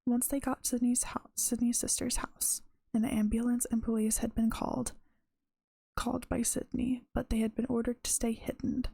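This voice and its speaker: Tired gravelly woman reading her story. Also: fairly high pitch, little pitch movement, moderate pace, mellow, dry recording. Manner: unpolished reading with self-corrections. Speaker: streamer and writer. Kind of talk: reading her own story aloud on a live stream.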